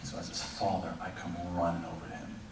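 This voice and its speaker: A man's voice: low voice, flat delivery, quick pace, background noise. A man giving a sermon, telling stories with animation and acting out the voices in them. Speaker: preacher. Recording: echoey hall from far off, faint background.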